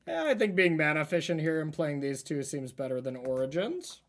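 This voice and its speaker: Man, card game streamer, casual play-by-play, animated voice, thinks out loud. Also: on the high side, fairly quick. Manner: thinks aloud about his plays, relaxed and chatty. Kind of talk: casual gameplay commentary.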